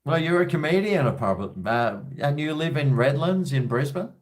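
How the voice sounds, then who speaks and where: A man's voice: a little high, lively intonation, moderate pace. An Australian man hosting a casual call-in chat, blunt and rambling, with plenty of swearing. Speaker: host.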